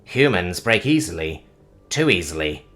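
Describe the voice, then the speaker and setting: A man's voice: low voice, very animated, normal speed, fairly bright tone, faint music behind, pitched below the performer's own voice. A man voicing a literal-minded, caring robot who speaks formally, with no contractions. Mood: worried.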